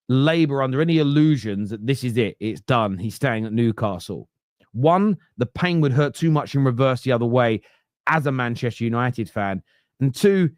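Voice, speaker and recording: A man's voice: mid-range voice, no echo, clean studio sound. A man hosting a fan podcast, ranting in an emphatic, sarcastic way. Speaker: podcast host. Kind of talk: opinionated fan podcast rant.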